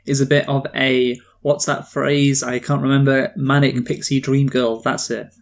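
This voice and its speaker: A man with an ordinary, mid-range voice talks through a casual film review. He asks questions and builds his points in a measured way. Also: medium pitch, flat delivery. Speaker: podcast co-host, film reviewer.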